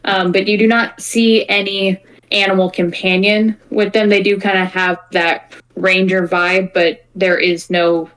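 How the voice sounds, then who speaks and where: A woman's voice: mid-range voice, little pitch movement, measured pace, a bit bright, rough recording. A woman narrating a tabletop game as game master, chatty and rambling, with many fillers and giggles.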